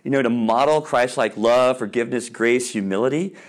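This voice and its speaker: A man's voice: medium pitch, fairly quick. A man giving an informal Christian talk to parents, telling stories with many ums and restarts and acting out the voices he quotes. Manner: animated storyteller, acts out quoted voices loudly; casual with frequent ums and restarts. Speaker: speaker on Christian sports parenting.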